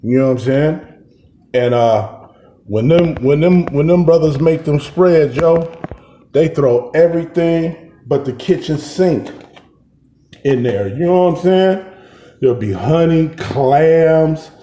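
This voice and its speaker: A man's voice: fairly high pitch, slow pace, highs cut off. Streetwise man in an echoey room. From Oakland, California. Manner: animated, streetwise, heated when retelling confrontations. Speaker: cooking vlogger telling prison stories. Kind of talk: casual storytelling while cooking. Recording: very echoey room, faint noise.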